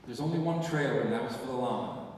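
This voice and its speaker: Older man, lively stage anecdote, mid-pitched voice, heard from afar in a big echoey hall. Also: fast, slight background noise. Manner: animated storyteller, acts out quoted lines. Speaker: actor telling a story on stage. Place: large theater stage with audience. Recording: distant, echoey hall sound.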